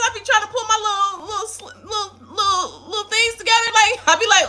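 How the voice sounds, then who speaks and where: A woman's voice: very high-pitched, lively intonation, fast, bright, forceful tone. A woman hosting a live stream who chats casually with viewers in a playful, laughing way and swears freely. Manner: chatty, laughing, profane and playful. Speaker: tarot reader and live stream host.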